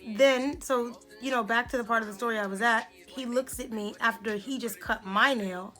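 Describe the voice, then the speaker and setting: A young woman in her twenties, a beauty vlogger telling an indignant, animated story while doing her makeup. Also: a little high, moderate pace, soft background music.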